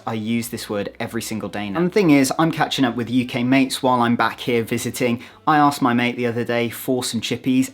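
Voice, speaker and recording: A British man talking to camera in a vlog, expressive and playful, with sudden jumps up in pitch for emphasis. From United Kingdom. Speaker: vlogger.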